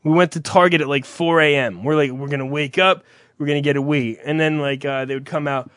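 A young man telling stories in a relaxed chat, cursing freely and slipping into quick impressions of the people in them. His voice sits high for a man. The sound is close and dry, with no room around it. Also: dry recording. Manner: rambling storyteller, swears freely, acts out voices. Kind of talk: casual chat.

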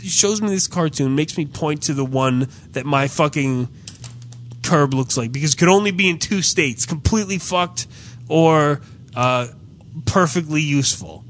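A man's voice: fairly high pitch, fairly bright tone, slight background noise. A man casually telling a comedic story, profane and exasperated, acting out the people in it. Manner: profane, exasperated, acts out quoted dialogue. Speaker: storyteller in podcast chat.

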